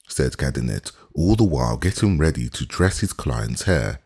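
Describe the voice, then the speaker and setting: A man narrating a classic novel as an audiobook reader, in measured, expressive storytelling. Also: extremely low pitch, creaky, slightly rough.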